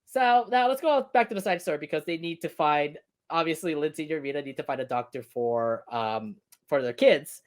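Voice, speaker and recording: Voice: mid-range voice, moderate pace. Giggly casual stream co-host. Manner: chatty, laughs often between points. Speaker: co-host of a cartoon review stream. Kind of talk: casual review chat.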